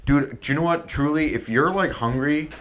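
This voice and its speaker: A man's voice: a little high, moderate pace, slight background noise. A man co-hosting a casual chat, laid-back and swearing freely. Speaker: podcast co-host.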